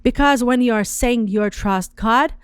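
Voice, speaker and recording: A woman's voice: fairly high pitch, measured pace, clean tone, no echo, studio quality. A middle-aged woman, a cafe owner telling a heartfelt personal story with earnest, phrasing. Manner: earnest, acts out her own quoted prayers and calls; non-native phrasing.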